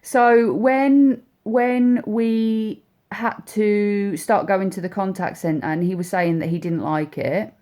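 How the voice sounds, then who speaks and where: A woman speaking as a mother, telling a personal story in a heartfelt, halting way with many repeats and restarts. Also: mid-range voice, steady tone, warm tone. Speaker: mother speaking about her son.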